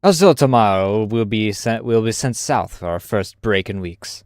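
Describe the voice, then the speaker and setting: A weary young French soldier in a war game, reading his letter home to his mother, as a gaming streamer puts him on. The voice sits fairly low and dry, with only a faint hint of a French lilt. It stays earnest and tired throughout. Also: lively intonation, normal speed, no echo. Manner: reads a letter aloud with a faint put-on French inflection.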